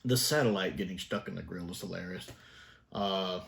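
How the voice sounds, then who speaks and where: A man's voice: low-pitched, moderate pace, creaky, a bit bright. A man from the American South with a Southern accent, casually reviewing a TV episode in a rambling, chatty way, with restarts and small laughs. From Southern United States. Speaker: TV review vlogger.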